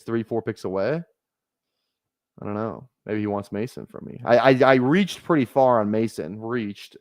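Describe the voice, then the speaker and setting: A man's voice: lowish voice, no room sound. Man streaming fantasy drafts, dry sound. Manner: rambling, thinks aloud, self-correcting. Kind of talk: casual live-stream draft commentary.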